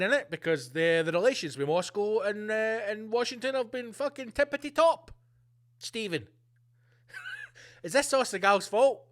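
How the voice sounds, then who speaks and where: Male comedy podcast host, high-voiced, loud and profane ranting. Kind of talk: comedic rant.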